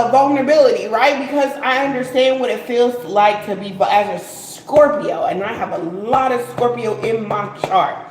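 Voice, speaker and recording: A woman's voice: mid-range voice, echoey room, a little hiss or hum, low-quality recording. A woman giving a casual live tarot reading, chatty and slangy, laughing and swearing as she talks. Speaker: tarot reader.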